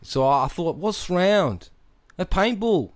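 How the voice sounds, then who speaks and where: A man's voice: high voice, big pitch swings, takes it slowly, voice pushed up, heavily acted. Man putting on an Aussie paintball bloke. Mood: boastful. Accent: put-on Australian. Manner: boastful, says "mate" constantly. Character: brash male Australian paintball manufacturer "Dingo".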